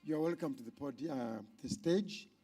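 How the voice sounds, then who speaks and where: A man with a Ugandan accent hosting a conference on stage, loudly introducing speakers to the crowd. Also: fairly high pitch, moderate pace, faint music behind. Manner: loud, animated announcing to a crowd. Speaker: conference emcee.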